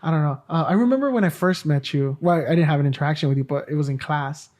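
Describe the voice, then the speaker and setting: A man's voice: fairly high pitch, fast, a little mellow. A middle-aged man hosting a casual podcast chat, rambling and often searching for words. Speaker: podcast host.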